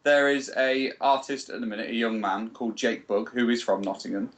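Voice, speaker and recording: A man in casual podcast chat, blunt and quick to swear. His voice is mid-pitched and plain. He talks in loose, rambling bursts. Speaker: podcast co-host.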